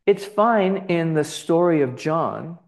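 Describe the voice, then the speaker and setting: A man's voice: a little high, lively intonation, takes it slowly, creaky, darkish tone. A man giving a conversational lecture on gospel icons, full of fillers, restarts and asides. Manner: conversational, many fillers and restarts, checks in with "right?". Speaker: Bible teacher.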